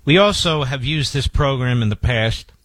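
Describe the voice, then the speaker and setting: A male talk radio host with a medium-pitched voice, speaking on a dry, close studio mic. He looks back reflectively as he sets up clips and speaks proudly of his audience's reach. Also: expressive, moderate pace, fairly bright tone, no room sound. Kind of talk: radio show monologue introducing archive clips.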